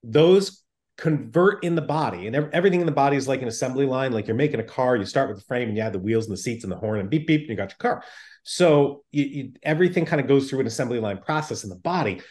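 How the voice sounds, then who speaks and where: A man's voice: mid-range voice, expressive, quick pace, darkish tone. Male doctor, plain-spoken and emphatic in interview. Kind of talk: explanatory interview talk.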